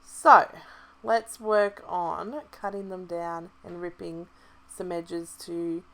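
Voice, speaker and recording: Australian woman, slightly lower register, easygoing tutorial presenter who chats and self-corrects as she goes. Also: slow. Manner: chatty, relaxed, thinking aloud with restarts. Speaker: craft kit club presenter. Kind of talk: casual craft tutorial voice-over.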